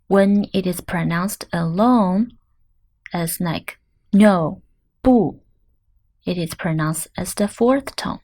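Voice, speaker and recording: A woman teaching beginner Chinese, repeating each word slowly and clearly for the learner. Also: lowish voice, warm tone. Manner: clear, deliberate pronunciation drills. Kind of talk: slow language lesson.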